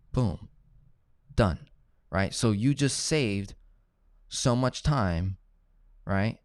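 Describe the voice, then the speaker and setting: A man's voice: on the low side, expressive, very slow, pauses often, no room sound, studio quality. A man teaching personal finance in a casual coaching tone, often checking in with "right?" and "okay?". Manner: coaching, tag questions like "right?" and "okay?", acts out phone calls. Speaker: finance educator.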